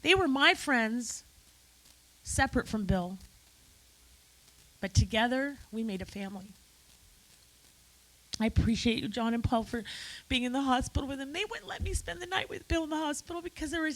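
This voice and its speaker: A woman's voice: high-pitched, moderate pace, pauses often, fairly bright tone, rough recording. A woman giving an emotional, effusive eulogy at a memorial gathering, speaking straight to friends in the room.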